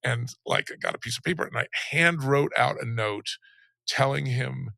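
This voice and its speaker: Middle-aged man, heavy vocal fry, bright tone, lively storytelling, dry close sound. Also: medium pitch, moderate pace, no room sound. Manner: animated retelling, acts out the people he quotes, many restarts. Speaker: interview guest. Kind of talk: personal storytelling.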